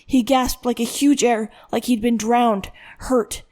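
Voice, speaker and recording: A woman reads a tense thriller audiobook, carrying the story along in a steady, dramatic narration. Her voice sits somewhat high for a woman. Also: unhurried, hardly any pauses.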